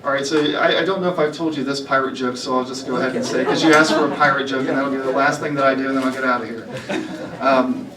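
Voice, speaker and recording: A man's voice: mid-range voice, steady tone, fast talker, distant mic. A man presenting at a live health event, chatting casually with fillers and laughing at his own jokes. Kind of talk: casual talk to a live audience, telling jokes. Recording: echoey hall, voice from afar, crowd behind.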